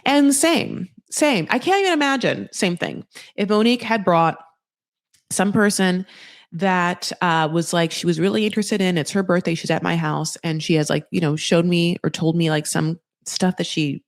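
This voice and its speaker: A woman's voice: lowish voice, steady tone, moderate pace, no room sound. A woman hosting a podcast, recapping a reality TV show in a chatty, sarcastic, freely swearing way with plenty of fillers. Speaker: podcast host.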